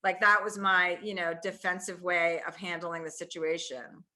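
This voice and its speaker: A woman's voice: on the low side, flat delivery, sharp tone. A woman in her forties, a comedian guest, talking candidly in a casual interview, full of "you know" and "like" as she thinks aloud. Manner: candid, fast-moving, heavy use of fillers like "you know". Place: remote, on a call from a ski trip.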